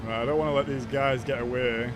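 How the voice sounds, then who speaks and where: Male streamer, casual race commentary, mid-pitched voice, steady noise and car sounds behind. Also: fast. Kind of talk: live racing game commentary.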